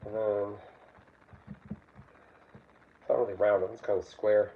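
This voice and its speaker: Gravelly man on a lo-fi livestream. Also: fairly low pitch, level tone, slow. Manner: rambling, chatty, reads out chat. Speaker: livestream host. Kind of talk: casual cooking livestream. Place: home kitchen. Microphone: phone.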